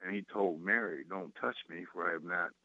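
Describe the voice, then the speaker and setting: Deep-voiced male caller, tinny phone line, halting and unsure. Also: dry recording. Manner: hesitant, many fillers and restarts. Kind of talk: phone-in question.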